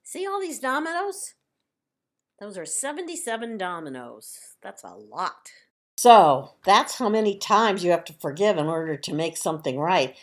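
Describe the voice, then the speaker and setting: A woman leading children's time at church, explaining a story to kids in a gentle, chatty children's sermon. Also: mid-range voice, very animated, normal speed.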